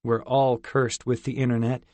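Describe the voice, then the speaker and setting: A male narrator voicing a quick-witted boy who bluffs hastily to cover for a friend. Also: mid-range voice, flat delivery, darkish tone, no room sound, close to an everyday voice. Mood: bluffing. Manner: hasty, bluffing.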